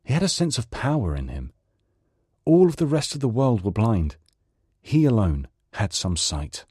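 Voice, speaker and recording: A man from Manchester, England, narrating a story with a lively, wide-ranging pitch. His delivery is dramatic and expressive. The recording is dry and close. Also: normal speed, husky, no room sound. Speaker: story reader. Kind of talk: audiobook narration.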